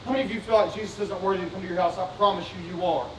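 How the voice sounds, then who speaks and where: High-voiced pastor preaching in a roomy church. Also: male voice, fairly even intonation, rapid-fire, a little hiss or hum. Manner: fervent, repetitive, asks the congregation questions. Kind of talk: sermon. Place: church sanctuary. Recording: roomy sanctuary sound, distant mic.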